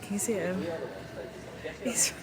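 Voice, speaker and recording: A woman chatting to camera as a vlogger at a car dealership, in a rambling, excitable way. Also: mid-range voice, slow pace, over a noisy crowd. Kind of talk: casual chat to camera.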